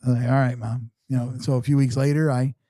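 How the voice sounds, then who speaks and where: A middle-aged man, an interview guest, telling a personal story in a casual, halting way full of restarts and fillers. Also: mid-range voice, level tone, dark tone, dry recording, clean studio sound.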